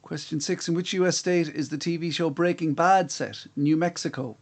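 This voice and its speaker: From his home, this man hosts a quiz over a live stream, going through the questions and answers with talkative jokes at his own expense. He speaks on the high side at a normal speed.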